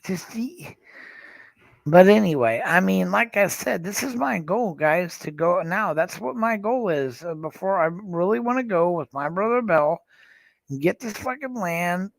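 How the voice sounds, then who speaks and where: Gravelly, blunt man ranting on a livestream. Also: high voice, animated, normal speed, dry recording, rough recording. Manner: blunt, profane, rambling with restarts. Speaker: livestream host. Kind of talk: casual livestream rant. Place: room in a care facility.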